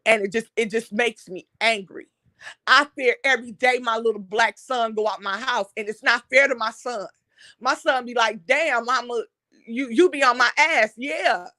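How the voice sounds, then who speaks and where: A woman's voice: on the high side, moderate pace, bright, forceful tone, no echo. A woman hosts an impassioned monologue. She talks bluntly and heatedly and swears often. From Detroit, USA. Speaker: online talk show host.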